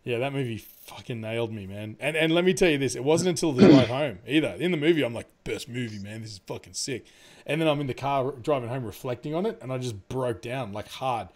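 A young man talks through a movie in a loose, rambling way, full of fillers, laughter and casual swearing. His voice sits at an ordinary middle pitch. It feels like an easygoing chat between friends. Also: quick pace, a little mellow.

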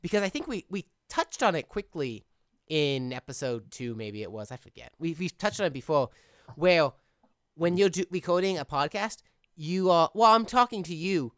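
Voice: medium pitch, expressive, normal speed, fairly bright tone, dry recording, clean studio sound. A podcast host who edits the show, chatting casually in long, reflective run-on thoughts. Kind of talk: casual chat.

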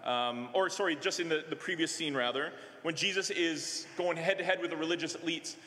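A male minister preaching a sermon in a conversational way, halting often with fillers and restarts. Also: a little high, sharp tone. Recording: echoey hall with long reverb.

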